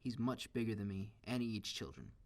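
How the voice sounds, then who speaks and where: A man's voice: fairly low pitch, lively intonation, darkish tone, close to an everyday voice. A man reading a stern, scolding giant's wife. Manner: brisk, scolding.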